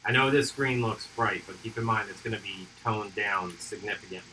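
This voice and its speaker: A man's voice: lowish voice, a little fast, background noise. A man hosting a hobby painting livestream, casually explaining his airbrush steps as he works. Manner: relaxed, thinks aloud while airbrushing. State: hiccuping. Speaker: miniature painting livestream host.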